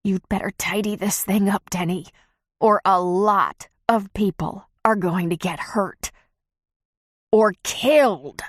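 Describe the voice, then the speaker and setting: A woman reading an audiobook, voicing a weakened woman with a scratchy voice who speaks with quiet menace. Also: mid-range voice, slow pace, dry recording, studio quality. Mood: weak menacing. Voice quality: weak, scratchy. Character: weakened, threatening adult woman.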